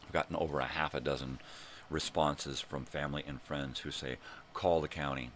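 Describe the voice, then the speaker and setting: An older man hosting his own daily vlog, ranting angrily and swearing, with bursts of shouting. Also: very deep voice, little pitch movement, brisk, a little hiss or hum. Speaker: vlog host. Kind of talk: angry profane rant.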